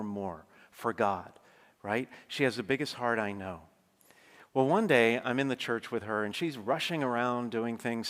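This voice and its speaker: A man delivering a sermon in a relaxed, conversational way, weaving in personal stories and frequent asides to the congregation. His voice sits at an ordinary middle pitch. A long reverb trails his words through the big church. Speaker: preacher. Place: large church.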